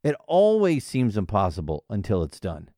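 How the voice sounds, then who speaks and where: Playful solo podcast host, man; animated pitch, dry studio sound. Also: moderate pace, dry recording. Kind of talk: casual solo podcast monologue.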